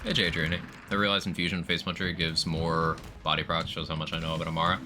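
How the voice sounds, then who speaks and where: A man's voice: low-pitched, level tone, fast talker, sharp tone. A man streaming live, casually explaining game mechanics in detail while greeting viewers in chat. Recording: background noise.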